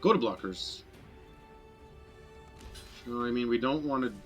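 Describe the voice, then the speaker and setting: A man streaming a digital card game, giving casual, self-deprecating commentary as he thinks his plays through out loud. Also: mid-range voice, measured pace, soft background music.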